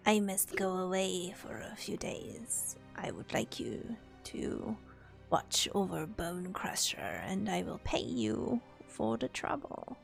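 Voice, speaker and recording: A woman's voice: mid-range voice, takes it slowly, creaky, soft background music. A woman voicing a terse, masked female hunter in whispered role-play. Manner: whispered, clipped and flat.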